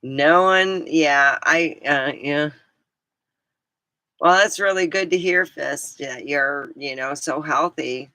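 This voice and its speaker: A middle-aged woman vlogging in a rambling, casual chat, scattered and quick to laugh. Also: sits low, bright, forceful tone, no room sound. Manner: chatty, scattered, laughs a lot.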